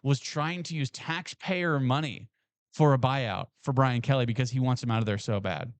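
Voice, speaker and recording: A man co-hosting a sports podcast in casual, excitable talk with emphatic restarts. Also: mid-range voice, normal speed, dry recording.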